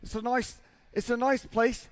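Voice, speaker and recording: A man's voice: extremely high pitch, little pitch movement, moderate pace. A man playing a jokey Australian-accented voice to tease fans, with a playful, exaggerated mock accent. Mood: teasing. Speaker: rodeo arena entertainer.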